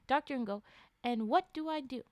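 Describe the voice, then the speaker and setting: A woman voicing a calm, clinical doctor who questions a subject in a measured, lower tone. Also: no echo, lightly acted.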